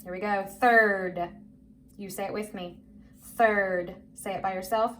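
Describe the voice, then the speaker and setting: A woman leads young children through a phonics lesson, slow and encouraging as she draws out each word for them to repeat. Her voice sits at a middle pitch. A faint hiss runs under the recording. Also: fairly even intonation. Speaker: teacher. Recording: faint background noise.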